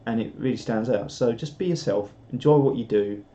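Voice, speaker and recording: A British man chats loosely on a live stream, wandering from thought to thought and often laughing at himself. His voice has a mellow, dark tone at a middling pitch. The stream audio is dull and lo-fi. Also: fairly quick. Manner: rambling, self-deprecating, chuckles often. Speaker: YouTuber hosting a live stream. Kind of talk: casual live-stream chat reading viewer comments.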